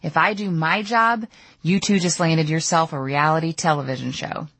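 A woman's voice: low-pitched, steady tone, moderate pace, a bit bright, breathy edge, dry recording, exaggerated voice. A woman reading the lines of a cheerful, grinning male cameraman in an audiobook memoir. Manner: upbeat, teasing.

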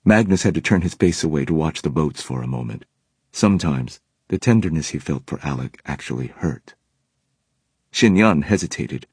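Very deep, husky male narrator. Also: normal speed, no room sound. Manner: steady storytelling. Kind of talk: scripted audiobook narration.

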